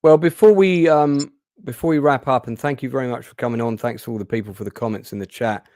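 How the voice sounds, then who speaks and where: A man's voice: medium pitch, fast talker, darkish tone, no room sound. Chatty male podcast host, dry sound. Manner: chatty, rambling, many fillers and restarts. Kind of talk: casual interview chat.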